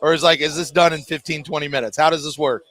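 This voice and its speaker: A man's voice: fairly high pitch, steady tone, fast talker, fairly bright tone. A man hosting a live call-in sports chat, upbeat and teasing his caller with frequent laughs. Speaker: host.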